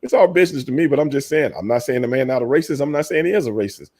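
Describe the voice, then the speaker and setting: This former wrestler hosts a casual livestream in a very fast, expressive mid-range voice that's a little mellow with a breathy edge. He addresses viewers by name, laughing often and talking bluntly and profanely.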